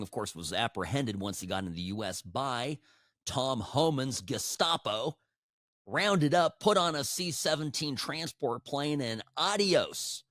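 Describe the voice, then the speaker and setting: A man hosting a political commentary podcast, talking in an animated, sarcastic way with frequent restarts, into a studio microphone. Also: mid-range voice, no room sound. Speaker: podcast host.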